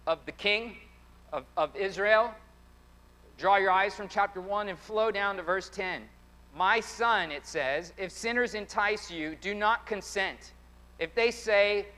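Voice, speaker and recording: A man's voice: high voice, bright, forceful tone. A man preaching a sermon as pastor, emphatic, often repeating phrases in a preaching cadence, in a church sanctuary. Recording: long hall reverb.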